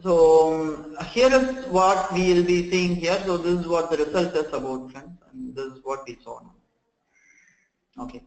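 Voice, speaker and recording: High-voiced man teaching software online. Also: measured pace, reverberant, poor audio. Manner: explanatory, repeats "okay" and "friends", many restarts. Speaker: software trainer. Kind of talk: live online training session.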